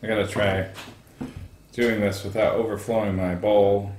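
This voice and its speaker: Low-voiced guy tasting stew at home, laid back, echoey kitchen w faint hiss. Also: moderate pace. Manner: relaxed, short agreeing remarks. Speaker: co-host. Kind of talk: casual cooking chat.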